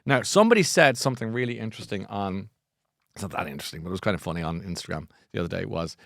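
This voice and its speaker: A man's voice: sits low, lively intonation, racing, gravelly, a bit bright, dry recording. Rambling Irish man, dry studio sound. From Ireland. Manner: rambling, self-mocking, jokey. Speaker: podcast host. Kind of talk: casual chat.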